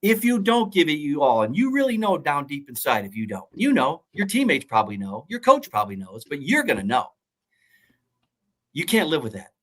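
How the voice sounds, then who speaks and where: A man's voice: a little high, huge pitch swings, fairly quick. A middle-aged man, a football coach, telling his story in an earnest, preaching way and repeating key phrases. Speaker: college football coach and former pro player. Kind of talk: motivational interview talk.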